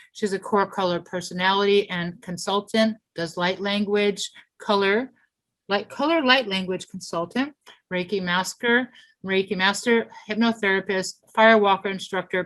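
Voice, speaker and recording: A woman hosting an online event, reading out a speaker's introduction with lively, chatty asides. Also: medium pitch, no room sound, rough recording. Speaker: event host.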